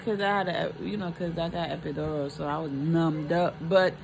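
A young woman and mother chatting slowly and emotionally to her viewers in a casual family vlog, filmed on a phone. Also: sits low, fairly even intonation, vocal fry, background noise. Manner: slow, emotional, talks to viewers as "y'all". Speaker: vlogger and mother.

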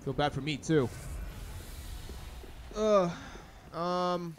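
A young man commentating a blind playthrough of a hard video game, swearing and shouting at enemies, then muttering to himself. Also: very slow, slight background noise. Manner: swearing, yelling at enemies, sudden pitch jumps. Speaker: gaming channel host. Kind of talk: blind let's play commentary.

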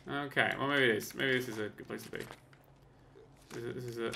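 A man casually commentating on his own gameplay, chatty and excitable, with sudden yelps and mock-boastful asides. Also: mid-range voice, a little fast, vocal fry, slight background noise. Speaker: let's play host.

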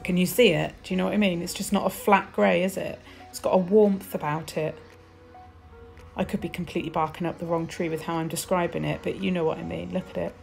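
Speaking a little fast in a low, gravelly, darkish voice that stays steady, a British nail technician chats through her polish swatches. She gushes with little exclamations, and faint music plays behind her.

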